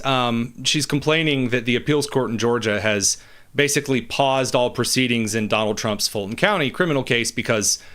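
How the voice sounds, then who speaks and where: A man hosts a radio talk show from the studio, reading listener tweets and other posts aloud and reacting with dry, wry sarcasm in a casual tone. His voice is mid-range and fairly bright.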